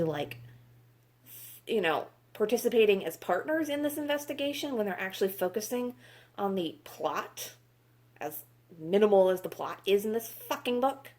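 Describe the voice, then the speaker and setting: A woman's voice: mid-range voice, a little mellow. A woman reviewing books in a casual vlog, exasperated, sarcastic and swearing freely. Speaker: book reviewer.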